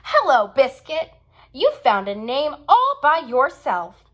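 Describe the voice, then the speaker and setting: Woman reads kind little girl talking to her puppy, sweet, slow, sing-song. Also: high-pitched, wildly swooping pitch, voice pushed up, heavily acted. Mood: gentle. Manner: sweet, coaxing, a bit brighter. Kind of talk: storybook read-aloud.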